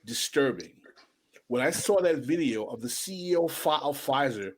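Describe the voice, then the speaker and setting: A middle-aged podcast host with a mid-range voice talks at normal speed in a casual chat. He is emphatic and animated, telling stories and repeating his points.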